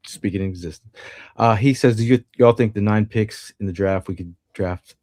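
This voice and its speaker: A man's voice: lowish voice, moderate pace, darkish tone, dry recording, clean studio sound. A man with a Philadelphia accent hosting a live sports podcast, chatting casually and reading out viewer comments and news quotes. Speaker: podcast host.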